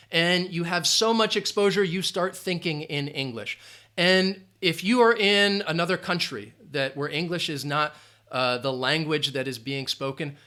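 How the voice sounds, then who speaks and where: A man teaching English in a live-stream Q&A, lively and emphatic, repeating key phrases. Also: a little high.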